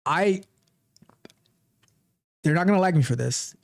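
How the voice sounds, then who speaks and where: A man hosting a live tech stream, talking casually with animated, repetitive joking asides. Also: a little high, unhurried, gravelly, no room sound. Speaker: livestream tech show host.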